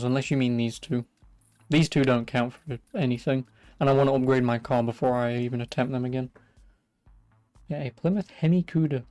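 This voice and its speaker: A man's voice: mid-range voice, darkish tone, no echo. Sweary, sarcastic English gamer guy. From England. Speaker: gaming streamer. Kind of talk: casual let's-play commentary.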